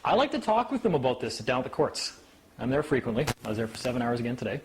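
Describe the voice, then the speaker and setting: Guy chatting to a group, animated storyteller, mid voice, little hiss behind. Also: fast talker. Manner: animated storyteller, mimics officials in a higher voice. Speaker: speaker. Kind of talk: casual talk to a small group.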